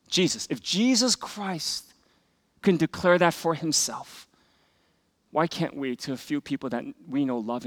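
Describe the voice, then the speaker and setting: A pastor with a slightly high voice preaches earnestly, rising for emphatic scripture readings and dropping into soft, hushed asides.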